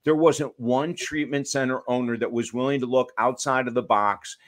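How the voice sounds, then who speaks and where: An author and addiction counselor speaks emphatically in a podcast interview, using stories and lively asides to make his points. His voice is medium-pitched and his pace normal.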